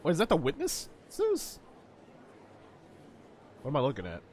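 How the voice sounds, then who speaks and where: A man's voice: a little high, huge pitch swings, unhurried, pauses often, darkish tone, slight background noise. A man streaming a game, making casual, swearing, self-mocking asides.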